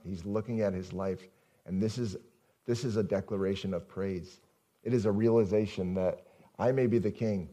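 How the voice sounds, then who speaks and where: Mellow-voiced male pastor preaching. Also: deep voice. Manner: conversational, asks the congregation questions. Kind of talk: sermon.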